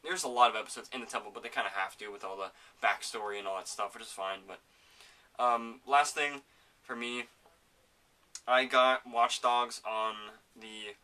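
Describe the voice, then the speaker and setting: A man hosting a casual home podcast, rambling excitedly about a video game and swearing often. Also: medium pitch, moderate pace, recorded from a distance. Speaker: podcast host. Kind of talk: casual gaming chat.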